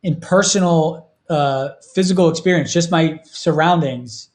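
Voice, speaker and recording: A man's voice: on the high side, unhurried. A man in his thirties talking earnestly and emotionally on a casual podcast. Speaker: podcast host.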